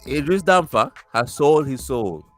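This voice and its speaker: A man's voice: medium pitch, lively intonation, measured pace, fairly bright tone, soft background music. A man co-hosting a casual podcast chat, joking and laughing often. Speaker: podcast co-host.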